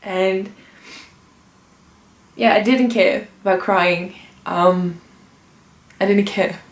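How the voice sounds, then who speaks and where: A young woman from the Netherlands pours out a personal story in an earnest, emotional way, stumbling over restarts and fillers. Her voice sits at an ordinary pitch, and the room around her rings with a noticeable echo. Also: fairly even intonation, extremely slow. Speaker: vlogger. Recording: roomy echo.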